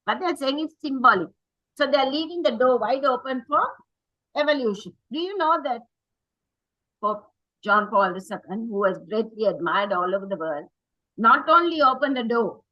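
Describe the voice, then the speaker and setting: Woman preacher, emphatic sermon, fairly high voice, lo-fi recording. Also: bright, forceful tone, no echo. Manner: earnest, emphatic, restarts and self-corrections. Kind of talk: sermon with read-aloud quotations.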